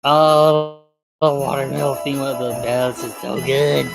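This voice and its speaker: A man's voice: mid-range voice, fairly even intonation, unhurried, vocal fry, music in the background. A man giving chatty, rambling casual commentary over a video.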